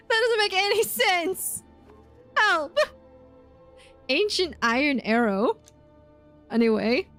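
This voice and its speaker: A woman streaming a game, chatting casually and excitably, yelping and laughing as she plays. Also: extremely high pitch. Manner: chatty and excitable, yelps and laughs while playing. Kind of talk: casual gaming commentary.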